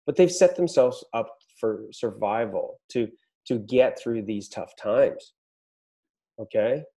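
Swearing freely and full of pep-talk energy, a man hosting a podcast gives business owners a blunt, profane dose of motivation. He speaks slowly in an expressive, medium-pitched voice with a dark tone.

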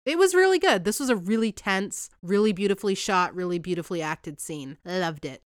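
A woman's voice: mid-range voice, expressive, fairly quick, clean tone, no room sound, studio quality. A woman chatting casually about a TV episode in a gossipy, profane way, acting out lines from the scenes as she goes. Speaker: TV episode recapper. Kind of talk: casual recap commentary.

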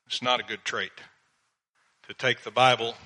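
An older man, a pastor, preaching a sermon in a slow, measured way and reading Bible verses aloud. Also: medium pitch, little pitch movement, sharp tone, rough recording.

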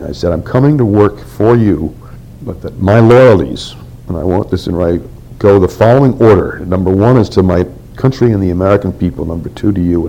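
A man's voice: low voice, dark tone, slight background noise, rough recording. An older man telling a candid story from his past in an oral history interview, acting out what others said.

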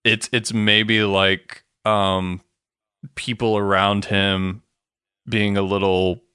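Bright, crisp-voiced man in casual chat. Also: fairly low pitch, level tone, takes it slowly, no echo, studio quality. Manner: laid-back, swears casually, frequent fillers. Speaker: podcast co-host.

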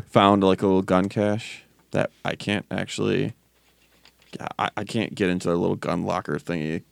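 A low-voiced man with a gravelly edge chats about his week of gaming, wry and matter-of-fact. His voice sits dry and close to the mic. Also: steady tone, moderate pace, no room sound. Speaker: podcast co-host. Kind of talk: casual gaming chat.

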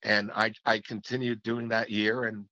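A man's voice: on the low side, little pitch movement, moderate pace, sharp tone, no echo. A man who is a former hockey play-by-play announcer, telling stories in an interview in a reflective way, often restarting his sentences. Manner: reflective storytelling with frequent restarts. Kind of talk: reminiscing interview talk. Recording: slightly muffled lo-fi audio.

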